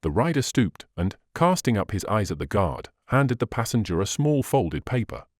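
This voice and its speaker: A man narrating a classic novel as an audiobook, in a measured, expressive reading. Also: lowish voice, no room sound, studio quality.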